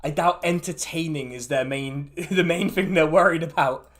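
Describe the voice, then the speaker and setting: A man running a tabletop game as dungeon master, relaxed and laughing, with many fillers. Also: fairly high pitch, moderate pace.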